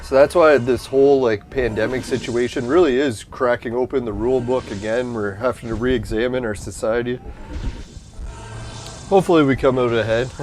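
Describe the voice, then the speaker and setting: A man's voice: mid-range voice, a little mellow. Rambling, foul-mouthed male streamer. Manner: rambling, profane, laughs at his own points; addresses chat viewers directly. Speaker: livestreamer chatting with viewers. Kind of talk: casual livestream chat.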